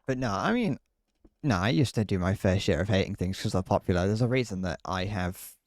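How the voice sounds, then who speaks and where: A man's voice: on the low side, animated, a little fast, a little mellow, dry recording, studio quality. A young British man chatting casually on a live gaming stream, rambling with frequent restarts and laughs.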